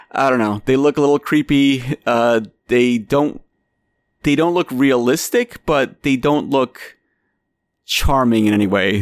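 A man's voice: medium pitch, dry recording. A man casually reviewing a film as a podcast host, often repeating words as he starts his sentences.

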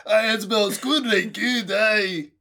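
A man's voice: sits high, a little slow, vocal fry, sharp tone, voice pushed up, full character voice. A man putting on a terse, brawny Scottish farmer in an exaggerated Scottish brogue. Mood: hammy. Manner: terse, hammed-up Scots brogue.

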